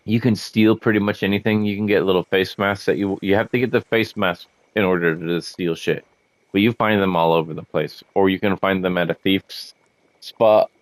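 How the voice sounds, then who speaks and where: A man giving casual, profane commentary while playing a video game, often laughing and getting excited. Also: deep voice, no room sound. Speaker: gamer showing a game.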